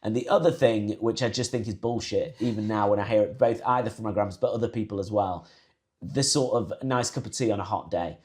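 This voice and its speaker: A man's voice: lowish voice, brisk. A man co-hosting a podcast, telling family stories in casual chat and slipping into raised voices to mimic relatives. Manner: animated storyteller, imitates relatives in raised voice. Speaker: podcast co-host.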